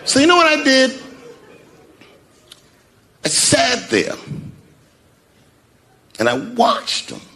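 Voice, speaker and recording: A man telling stand-up comedy stories, acting out the people in them and dropping to a hushed mumble for sheepish asides. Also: a little high, gravelly. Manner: animated, acts out the voices of people in his stories.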